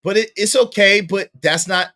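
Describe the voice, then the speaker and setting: A young man with a Brooklyn accent, giving slangy, animated live-stream commentary and laughing often. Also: high voice, moderate pace, dry recording, clean studio sound. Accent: Brooklyn New York. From Brooklyn, New York. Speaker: streamer reacting to a show.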